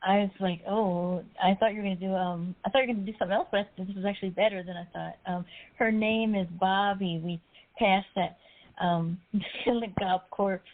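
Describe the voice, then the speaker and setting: A woman's voice: medium pitch, steady tone, normal speed. A woman hosting an online poetry show, chatting casually and laughing often as she gives feedback. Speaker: host. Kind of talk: casual chat. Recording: tinny phone-like online audio.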